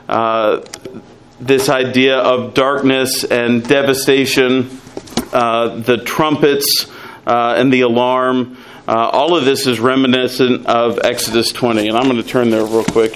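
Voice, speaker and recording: Man teaching scripture, halting and measured. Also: medium pitch, slight background noise, poor audio. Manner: measured, frequent "uh" fillers, reads scripture aloud. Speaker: pastor teaching a Bible study. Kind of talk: expository Bible teaching.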